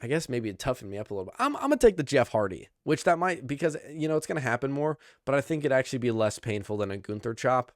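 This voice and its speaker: A young man hosting a podcast, rambling and excitable as he recaps wrestling, full of fillers and restarts. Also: mid-range voice, fast talker, hardly any pauses, no room sound, studio quality. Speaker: podcast host.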